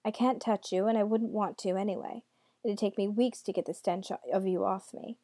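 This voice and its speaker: Smug sneering devil guy, a lady reading it, cool and mocking, mellow and dry. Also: mid-range voice, fairly even intonation, normal speed, no echo, natural voice.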